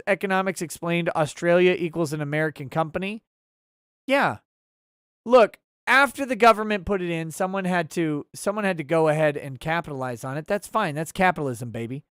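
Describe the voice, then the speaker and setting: A man's voice: a little high, a bit bright, clear, resonant tone, dry recording, studio quality. A man hosting a casual livestream talk show and reading viewer messages aloud with sarcasm and mock outrage.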